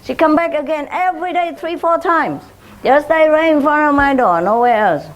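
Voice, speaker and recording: A woman's voice: high voice, lively intonation, normal speed. A woman spiritual teacher telling chatty anecdotes to her followers in simple, loose English. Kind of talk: informal talk to followers.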